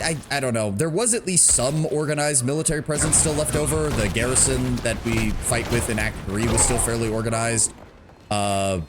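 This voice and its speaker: A man streaming a game live, rambling casually to himself and his viewers and swearing now and then. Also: mid-range voice. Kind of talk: casual live gameplay commentary. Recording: loud game music behind the voice.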